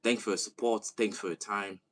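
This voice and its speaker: A man from Nigeria with a Nigerian accent, giving a passionate political commentary that swells into loud, emphatic oratory. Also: fairly low pitch, steady tone, brisk. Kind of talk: impassioned monologue to camera.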